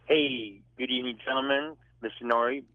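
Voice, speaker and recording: Man, radio caller, from Florida, rambling, excitable, phone line sound. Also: medium pitch, brisk, no room sound.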